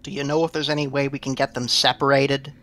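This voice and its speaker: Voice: medium pitch, level tone, quick pace, a bit bright. A player in a tabletop game, talking casually with a dry, joking manner.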